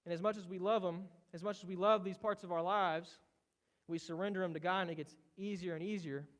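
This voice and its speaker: A man with a hoarse voice from a cold, giving a casual, conversational sermon as pastor. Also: high-pitched, fairly even intonation, a little fast. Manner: casual, conversational preaching with rising intensity. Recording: muffled, with loud guitar behind. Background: worship team playing guitar.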